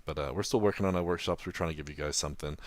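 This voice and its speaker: A man from New Zealand with a New Zealand accent softened toward American, co-hosting a podcast in a chatty way, laughing often. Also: rumbling low, very fast. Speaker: podcast co-host. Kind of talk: casual podcast chat.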